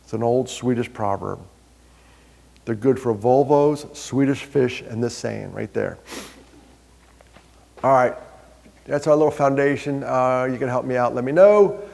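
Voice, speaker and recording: This New Yorker has a mid-range voice with vocal fry, a measured pace and long pauses. Before an audience in a big hall, he gives a live talk on mental health, animatedly telling stories, questioning listeners and joking at his own expense, all under long reverb.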